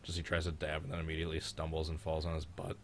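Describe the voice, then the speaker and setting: A man's voice: a bass voice, completely flat delivery, very fast, vocal fry, a crowd in the background. A man hosting a live race reaction with friends, congested and sick, his voice cracking, chatty and teasing as he rambles through old races. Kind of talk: casual live commentary with friends.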